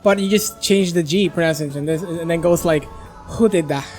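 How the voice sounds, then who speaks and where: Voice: medium pitch, fairly quick, darkish tone, faint music behind. A livestream host chatting casually and playfully, laughing while fumbling through new pronunciations. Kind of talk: casual live reaction chat.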